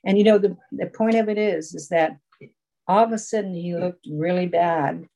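A woman's voice: fairly low pitch, normal speed, warm tone, low-quality recording. A woman telling a long personal story at a support group meeting over a video call, rambling and full of fillers. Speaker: recovery meeting speaker.

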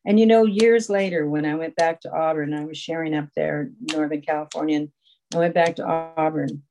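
A woman's voice: low voice, fairly even intonation, brisk, over music, rough recording. A woman telling a long personal story at a support group meeting over a video call, rambling and full of fillers. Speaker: recovery meeting speaker.

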